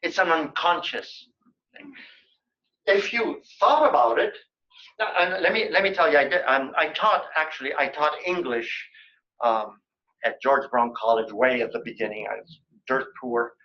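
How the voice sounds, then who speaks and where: A man's voice: on the high side, expressive, normal speed, pushed and bright, muffled recording. An older man giving a colloquium lecture in a lecture room, telling joking anecdotes in a chatty way.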